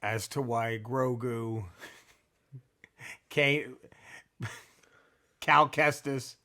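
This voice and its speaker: A man's voice: medium pitch, steady tone, extremely slow, bright, forceful tone. A man co-hosting a podcast, chatting in a crude, profane, joking way. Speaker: podcast co-host. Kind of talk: casual comedic chat.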